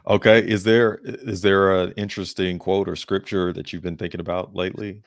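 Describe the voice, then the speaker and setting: A man with a very deep voice hosting a podcast interview. He chats casually, often thinking aloud as he frames his questions. The recording is close and dry. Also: level tone, brisk, vocal fry, no echo. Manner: thinks aloud, explaining ideas in engineering terms; laughs easily, gives short affirmations. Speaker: podcast host.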